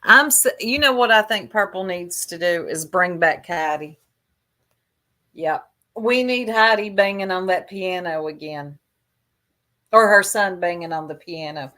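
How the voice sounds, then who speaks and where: Slow, low-voiced gossiping woman. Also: pushed and bright. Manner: chatty, catty gossip, drawling. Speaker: livestream gossip commentator. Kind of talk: casual livestream chat.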